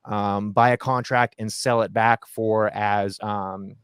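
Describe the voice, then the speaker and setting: A man's voice: fairly low pitch, steady tone, slow, a bit bright, clear, resonant tone, no echo, studio quality. A man from Ohio, a full-time options trader, talking casually as a guest over a video call, rambling with fillers and restarts. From Ohio, USA. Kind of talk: casual conversational explanation.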